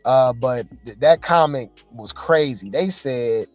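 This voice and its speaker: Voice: medium pitch, takes it slowly, darkish tone, dry recording, faint music behind. Chatty gossip-channel host, dry sound. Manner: casual, exclaiming, chatty. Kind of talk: reaction commentary.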